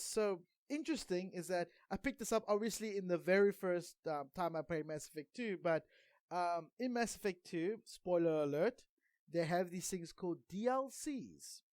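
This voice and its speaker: A man's voice: high voice, darkish tone, no room sound. A South African man co-hosting a casual gaming podcast, rambling wryly with lots of ums and restarts. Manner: rambling and wry, with many ums and self-corrections. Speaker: podcast co-host.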